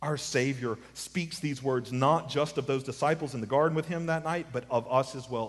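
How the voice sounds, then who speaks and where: A man's voice: medium pitch, normal speed, few pauses. Preaching man in a reverberant hall. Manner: expository preaching, swings from quiet to emphatic; casual asides. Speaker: pastor. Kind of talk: sermon.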